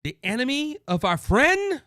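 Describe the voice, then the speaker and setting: Fiery high-pitched Cajun man ranting. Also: very animated, a little slow, pushed and bright, dry recording, clean studio sound. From Louisiana. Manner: impassioned, raises voice, repeats words as he restarts. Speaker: political show host. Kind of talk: political commentary rant. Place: studio with a monitor.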